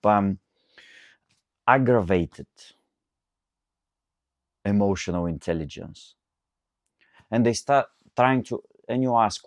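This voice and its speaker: A man with a very deep voice hosts his own podcast alone and vents about what annoys him. He talks casually, breaks off to correct himself, and speaks into a dry, close microphone with no room sound. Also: slow, long pauses, no echo. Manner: ranting, animated, self-correcting. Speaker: podcast host and coach. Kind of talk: solo podcast monologue.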